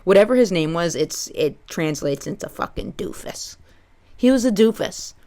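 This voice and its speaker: A woman's voice: lowish voice, lively intonation, normal speed, warm tone. Crude rambling woman comedian. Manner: rambling, crude, riffing with voiced asides. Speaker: comedy podcast host. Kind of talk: solo comedic monologue.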